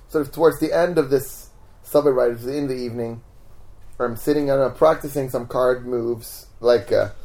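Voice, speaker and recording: A man being interviewed as a magician guest at home, telling stories casually and acting out the voices in them. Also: mid-range voice. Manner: animated, acts out voices in his stories.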